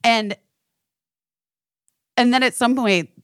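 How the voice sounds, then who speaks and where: A young adult woman telling a story in casual chat, profane and animated, acting out the lines of the people in it. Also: a little high, slow, smooth, no room sound, clean studio sound. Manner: profane, animated, acts out quoted dialogue. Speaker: storyteller on a talk show.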